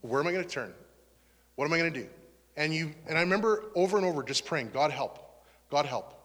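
A man with a fairly high voice gives an earnest, conversational testimony from the pulpit. His words ring out with a long reverb, as if spoken in a large church hall. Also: animated, fast talker, a bit bright. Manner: earnest, conversational, turns emotional. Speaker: pastor. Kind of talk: testimony sermon.

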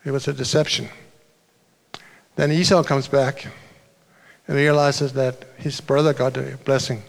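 A man's voice: medium pitch, flat delivery, a little slow, vocal fry. A man preaching a sermon as a pastor, telling a story in a loose, conversational way with restarts and asides.

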